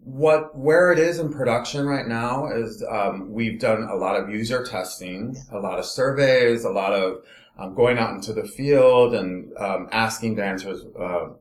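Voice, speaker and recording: A man's voice: lowish voice, unhurried, reverberant. A man from Los Angeles, a dance company director, explaining his product in a casual interview chat, enthusiastic and step by step.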